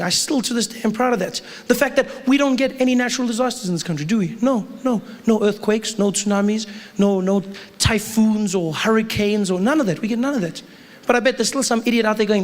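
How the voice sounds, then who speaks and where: Animated South African comedian, high voice. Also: male voice. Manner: animated storytelling with acted-out voices. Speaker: stand-up comedian. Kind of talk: stand-up comedy routine. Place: live comedy venue with audience.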